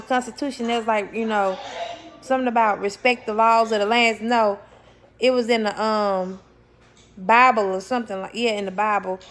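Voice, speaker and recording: With a brightish, higher-pitched voice, a young woman chats to her viewers about spirituality, laughing while she speaks. She is blunt and swears openly, repeating words for emphasis and correcting herself as she goes.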